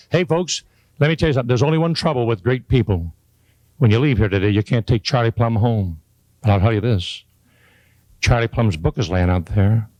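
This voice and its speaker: A man's voice: dry recording, highs cut off. Folksy older man giving a speech. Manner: homespun, joking, swings to high excited peaks. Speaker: motivational speaker. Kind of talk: folksy motivational speech to a live audience.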